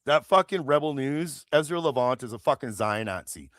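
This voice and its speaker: A man's voice: mid-range voice, expressive, normal speed, fairly bright tone, no room sound, studio quality. A man from Canada hosting a political livestream, ranting angrily with heavy swearing and rambling restarts. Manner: angry, profane, rambling. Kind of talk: heated political rant.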